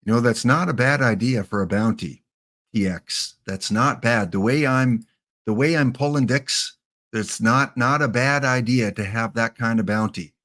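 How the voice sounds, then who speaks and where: A man's voice: mid-range voice, moderate pace, fairly bright tone. A man doing live-streamed commentary over a baseball sim, muttering to himself and talking to the players on screen as he picks them.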